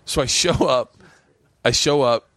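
A middle-aged man hosting a podcast, telling a comic story in a lively, swearing, stage-comedian way. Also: mid-range voice, measured pace, dry recording. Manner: lively, swearing, acts out the voices in his story. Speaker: podcast host.

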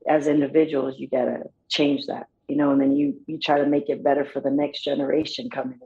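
A woman's voice: low voice, little pitch movement, brisk, vocal fry, warm tone, muffled recording. A woman, a guest on a podcast, chatting casually in a loose, slangy way, often saying "bro" and "you know what I'm saying.". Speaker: podcast guest, pro wrestler. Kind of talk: casual interview chat.

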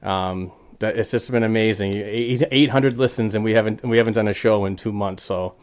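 A man with a lowish voice hosts a hockey podcast at a moderate pace. He tells stories in a casual, animated way, using lots of fillers.

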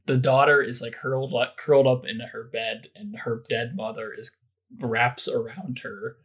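Husky man musing on films. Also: mid-range voice, fairly even intonation, moderate pace, fairly bright tone. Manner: hesitant, musing, many restarts. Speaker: podcast co-host. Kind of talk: casual film discussion podcast.

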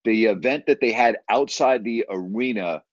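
Speaking at a moderate pace in a lowish register, this middle-aged broadcaster and podcast host spins stories during a relaxed interview. His talk wanders, circling back to the same phrases and drawing out words to stress them. The recording is flat, dry podcast sound without echo.

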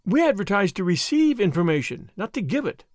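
A man voicing an eager, chatty young woman with a bubbly, excitable manner. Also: high-pitched, normal speed, dry recording, studio quality, voice pushed up. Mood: guarded.

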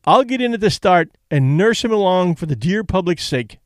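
A man's voice: sits high, expressive, moderate pace, dry recording, studio quality, voice pushed up. A man reading aloud and voicing a brash, cocky young boxer who talks in a breezy, mocking way.

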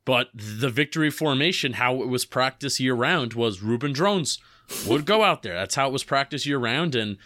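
Bright, dry-sounding podcast co-host. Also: male voice, medium pitch, animated, moderate pace, dry recording. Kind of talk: casual podcast chat.

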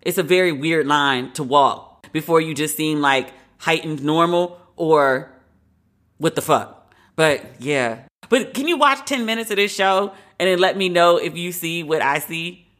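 A woman with a bright, forceful voice hosts a podcast in casual commentary. She talks candidly and conversationally, with strong opinions and the odd curse word. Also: deep voice, lively intonation, measured pace. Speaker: podcast host.

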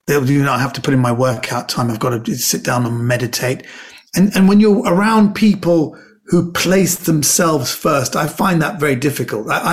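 Gravelly, higher-voiced man telling anecdotes. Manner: animated storyteller, acts out quoted voices. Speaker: podcast guest. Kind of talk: anecdotal casual chat.

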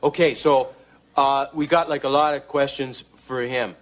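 An actor playing a dim-witted Canadian hoser brother who hosts a TV show, talking haltingly with lots of "like" and "eh". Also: male voice, medium pitch, fairly even intonation, natural voice. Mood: bossy. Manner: halting, sprinkles "like" and "eh". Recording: archive TV clip with loud audience.

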